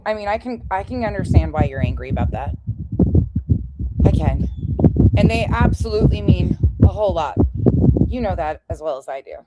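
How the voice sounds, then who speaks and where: A woman's voice: fairly low pitch, darkish tone, rough recording. A woman ranting in a commentary vlog, sarcastic and mocking, swearing often. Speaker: online commentator.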